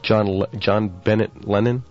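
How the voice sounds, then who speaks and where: A man's voice: on the low side, fairly even intonation, unhurried, dull audio. A man hosting a radio show, chatting casually and cracking jokes. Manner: joking, wisecracking. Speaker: radio host.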